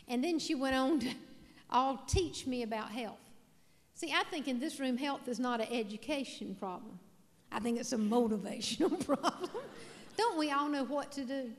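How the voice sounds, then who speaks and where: High-voiced woman telling stories on stage. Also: normal speed, in a large hall. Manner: folksy, self-mocking storytelling with audience questions. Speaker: motivational speaker. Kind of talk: humorous keynote speech. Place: large hall with a live audience.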